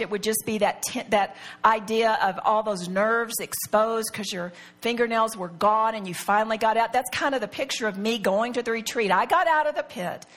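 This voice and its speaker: High-voiced woman teaching a Bible study. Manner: earnest, confiding storytelling with rhetorical questions. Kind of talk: personal teaching talk to a group.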